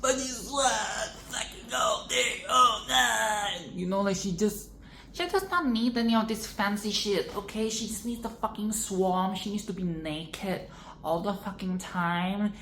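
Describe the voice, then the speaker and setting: A woman's voice: medium pitch, roomy sound, slight background noise. A woman vlogger reacting to a film in casual, crude and rambling commentary, with bursts of mock outrage.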